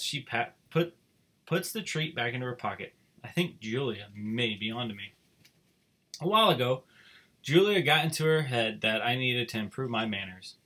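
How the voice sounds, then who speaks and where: A male teacher reading a children's book aloud to his class, with expressive storytelling. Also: mid-range voice.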